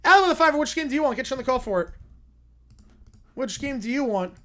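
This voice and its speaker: A young man hosting a casual livestream, answering viewer questions with quick reactions and frequent "yeah"s. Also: very high voice, lively intonation, pushed and bright. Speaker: livestream host reading chat.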